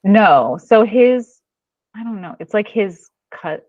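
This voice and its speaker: A woman's voice: medium pitch, expressive, takes it slowly, darkish tone. A woman from Florida, a podcast guest chatting in an easygoing, giggly way. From Florida, USA. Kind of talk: casual chat. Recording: dull, dry sound.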